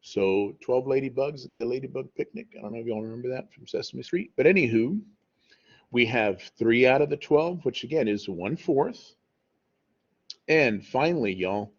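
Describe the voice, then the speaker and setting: A man's voice: medium pitch, lively intonation, normal speed, highs cut off. A man teaching a recorded math lesson in a conversational way, often checking in with "okay?".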